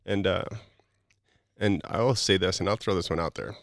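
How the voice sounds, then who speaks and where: A man's voice: low voice, normal speed, no echo, studio quality. A middle-aged man, a podcast guest, talking in an earnest, preachy, motivational way with many casual "like" fillers.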